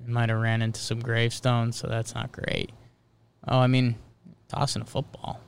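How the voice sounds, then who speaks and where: A man's voice: mid-range voice, completely flat delivery, moderate pace, creaky, clean tone. A man co-hosting a casual podcast, trading dry, joking banter about news stories. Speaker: podcast co-host. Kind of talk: casual chat.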